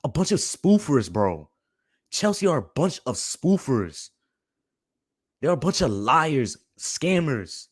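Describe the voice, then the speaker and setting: A man's voice: mid-range voice, very animated, takes it slowly, long pauses, slightly rough, no room sound. Fuming young man ranting, dry close mic. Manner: heated, repetitive, says "bro" constantly. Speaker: fan channel host. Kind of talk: angry live-stream rant.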